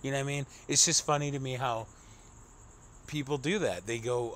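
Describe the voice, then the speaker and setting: A man's voice: medium pitch, expressive, moderate pace, slight background noise. Exasperated profane young man ranting. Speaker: commentary vlogger. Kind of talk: ranting political commentary.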